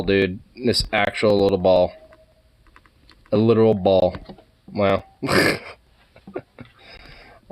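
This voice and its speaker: A young man chatting casually as he reacts to pet pictures, swearing, exclaiming and laughing often. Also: lowish voice.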